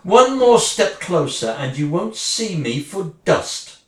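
Woman acting a wounded wife, sarcastic, slow-spoken, echoey distant recording. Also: lowish voice, sing-song. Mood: furious. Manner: sarcastic, swinging between mocking and furious. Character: bitter woman leaving her husband, sarcastic and wounded. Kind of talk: dramatic monologue, one side of a phone call. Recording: roomy, distant mic.

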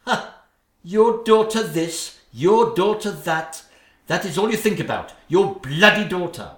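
In a comic parody, a man plays a spiteful, scheming stepmother queen, shrill, nagging and theatrical. His pitch swoops wildly and his tone is fairly bright at a slightly slow pace. The room is echoey.

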